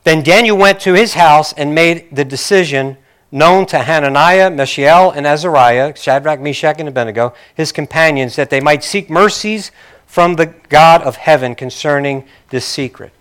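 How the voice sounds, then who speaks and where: A man's voice: on the high side, moderate pace, a bit bright, smooth. A male pastor preaching a sermon in a conversational way, with joking, apologetic asides to his congregation.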